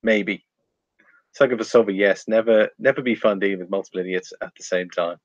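A man hosting a relaxed live stream, reading out viewer comments and talking over charts. His voice sits fairly low, and he laughs easily between remarks. The sound is dry and close, with no room around it. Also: fairly quick, dry recording, muffled recording. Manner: chatty, reads viewer comments aloud, laughs often, trails off.

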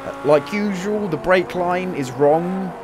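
A man's voice: high voice, slow pace. Chatty young man over roaring race engines. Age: 20s. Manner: chatty and reactive, breaking into excited exclamations. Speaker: gamer playing a racing game demo. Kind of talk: casual gameplay commentary. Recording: loud racing game engine noise under the voice. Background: racing car engines from the game.

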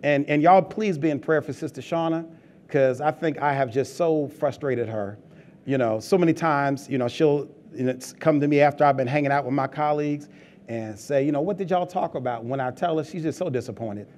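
A man's voice: mid-range voice, brisk, darkish tone, slight background noise. A man preaching a sermon as pastor, talking in a loose, joking way and calling out to the congregation as it laughs. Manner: humorous, conversational preaching with call-outs to the congregation.

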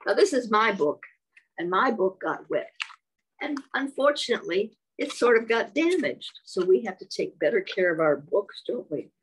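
A woman reading a picture book aloud to young children, slow and sing-song, stopping to ask them questions. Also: medium pitch, sing-song, slight background noise. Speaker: children's storyteller.

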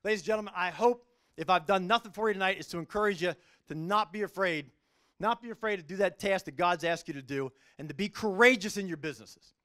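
A middle-aged man, a judge, giving an earnest, animated faith-based talk to a business group, telling stories from his courtroom. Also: sits high, quick pace. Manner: storytelling, earnest, animated delivery.

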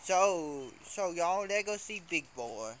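Slow, high-voiced Mississippi man. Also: expressive, a bit bright, a little hiss or hum. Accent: Southern US, Mississippi. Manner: rambling, repeats himself, fills with "so anyway". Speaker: vlogger. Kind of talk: casual vlog chat to camera.

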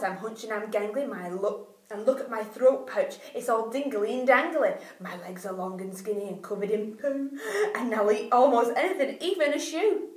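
A woman's voice: on the high side, echoey room, close to an everyday voice, low-quality recording. A woman voicing a grouchy old marabou stork who boasts about being dreadful.

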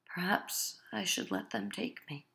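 A woman voicing Kino, a hunted young husband who speaks low and quietly. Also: measured pace, close to an everyday voice. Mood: hopeless.

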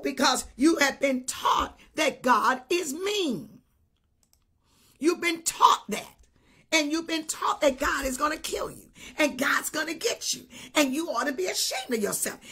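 A woman bishop preaching a sermon, animated, shouting at times and breaking into tongues. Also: sits high, unhurried.

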